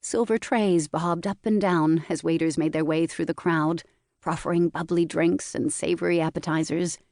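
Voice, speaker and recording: A woman narrating a historical mystery audiobook in a measured storytelling manner, recorded in a booth. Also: sits low, fairly even intonation, a little mellow, no room sound, studio quality. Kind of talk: scripted narration.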